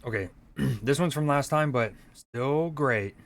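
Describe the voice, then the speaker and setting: Streamer, man, mid-pitched, relaxed and chatty with viewers. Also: a little slow, dry recording. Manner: relaxed, chatty, talks to his chat. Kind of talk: casual stream chat reacting to clips.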